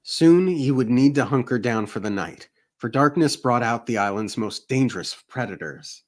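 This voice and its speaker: A man, co-host of a book channel, narrating a fantasy story aloud in a steady reading voice. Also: medium pitch, normal speed. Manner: steady reading, jokey asides. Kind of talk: amateur story read-aloud.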